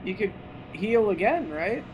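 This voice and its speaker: A man's voice: high voice, sing-song, unhurried, muffled recording, over a noisy crowd. A man playing a tabletop game, chatty and joking. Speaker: player.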